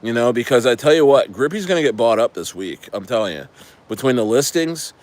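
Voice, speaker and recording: A man's voice: medium pitch, expressive, a little fast, a little mellow. A man streaming about crypto in a casual, rambling and profane way, often repeating himself. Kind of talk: casual ranting chat.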